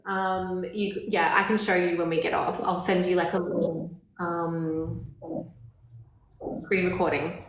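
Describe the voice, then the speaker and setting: A woman from outside the US, co-hosting a casual witchcraft live stream, playful and quick to laugh. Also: lowish voice, level tone, roomy sound, rough recording. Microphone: phone on a live stream.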